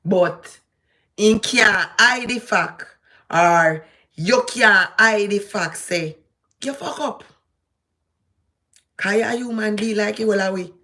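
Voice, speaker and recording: Her mid-range voice is pushed and bright, and she takes her time. The woman is a vlogger with a Jamaican accent, lecturing someone directly in a casual, preachy, emphatic manner.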